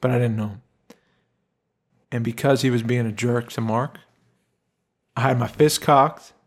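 A young man co-hosting a podcast, telling a story in a casual, animated way and laughing often. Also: mid-range voice, a little slow. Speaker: podcast co-host. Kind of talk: casual chat.

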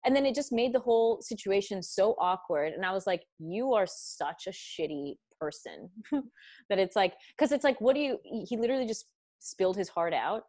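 A woman's voice: mid-range voice, lively intonation, fairly quick, a little mellow. A young woman hosting a podcast, chatting casually and animatedly, swearing often and acting out quotes. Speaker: podcast host. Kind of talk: casual chat.

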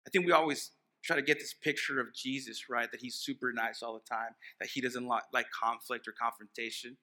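A man's voice: medium pitch, fairly even intonation, a little fast, sharp tone. A man preaching a sermon as pastor, conversational and emphatic, joking with the congregation and restarting phrases.

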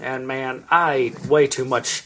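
A man's voice: mid-range voice, steady tone, unhurried, bright, forceful tone. A man in his thirties, a podcast co-host, telling long rambling stories in casual chat and swearing freely. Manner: rambling storyteller, swears a lot.

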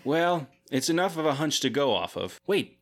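A man plays an eager, bumbling rookie superhero in an improvised comedy audio episode. His voice is excitable and animated, and it keeps cracking up into squeaky highs. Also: normal speed, faint music behind. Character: bumbling new male superhero, eager and clueless. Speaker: podcast host.

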